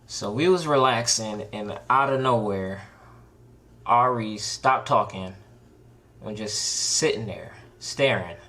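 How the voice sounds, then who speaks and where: Young man telling a wild storytime. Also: slow. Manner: animated, acts out his own panicked quotes in a higher voice; laid-back slangy talk with many likes and restarts. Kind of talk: casual storytime narration.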